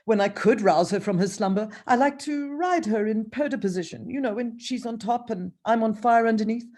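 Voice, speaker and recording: Brief: woman doing a whining, lovesick middle-aged sultan, pitched well up from her own voice. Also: fairly quick, a little mellow, natural voice. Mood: whiny lament. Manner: whiny, complaining. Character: lustful self-pitying middle-aged male sultan.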